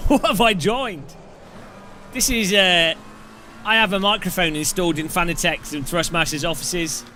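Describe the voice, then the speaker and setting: A man's voice: sits high, measured pace, sharp tone, a little hiss or hum. A man chatting casually on a live stream, rambling and jokey, laughing often.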